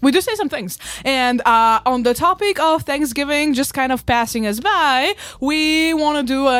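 A woman's voice: high-pitched, moderate pace, few pauses, fairly bright tone, no room sound. A woman co-hosting a casual improv podcast, playful and giggly as she throws out prompts. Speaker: podcast co-host.

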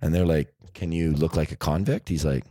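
A man on a podcast telling animated stories and acting out the voices of the people in them. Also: a bass voice, fairly quick, breathy edge, no room sound. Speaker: documentary filmmaker guest. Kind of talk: podcast interview storytelling.

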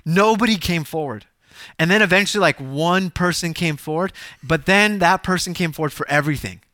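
A male pastor telling stories in a sermon, animated and self-deprecating, with bursts of loud exclamation. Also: fairly high pitch, fairly quick, no room sound, studio quality. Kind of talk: sermon storytelling.

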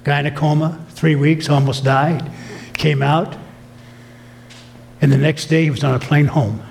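A man's voice: a little high, fairly even intonation, a little slow, creaky, darkish tone, slight background noise. A man preaching a sermon, telling stories with emphatic, acted-out quotes. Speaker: pastor. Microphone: filmed sermon.

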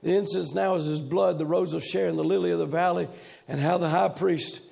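A man preaching a revival sermon in a loud, rhythmic, shouting preaching cadence. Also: a little high, steady tone, fairly quick, vocal fry.

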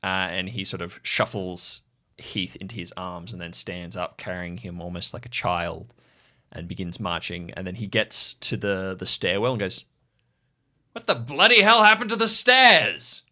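A man narrating a tabletop game as game master, telling the action in a vivid, lively way. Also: low voice, normal speed. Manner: vivid, lively storytelling with fillers.

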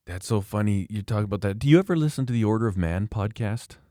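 A man's voice: lowish voice, lively intonation, quick pace, warm tone, dry recording, studio quality. A man hosting a podcast, telling long rambling stories in casual conversation with many restarts. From Canada. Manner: rambling storyteller, frequent restarts.

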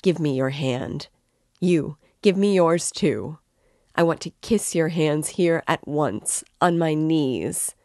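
A woman reading the part of an excitable, drunken young man who rants passionately. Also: low-pitched, slow, no echo, clean studio sound, heavily acted. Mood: impassioned. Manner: impassioned, ranting.

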